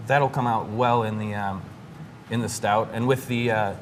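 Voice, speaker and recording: A man's voice: on the low side, fairly even intonation, moderate pace, a little hiss or hum. A man, a brewery guest, explains beer styles in a loose, joking way with lots of fillers. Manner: jokey, loose, many fillers. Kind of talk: casual radio interview.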